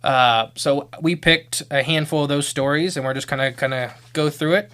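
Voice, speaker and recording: A man's voice: fairly high pitch, moderate pace, a bit bright, clean tone. A man hosting a podcast in casual chat, rambling and laughing often. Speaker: podcast host.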